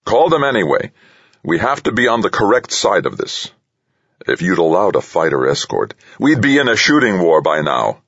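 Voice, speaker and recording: A man's voice: low voice, sing-song, moderate pace, slightly rough, no echo, dull audio, voice pushed up, exaggerated voice. A man voicing a blunt, anxious president who snaps out his orders. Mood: firm. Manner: snapping, forceful.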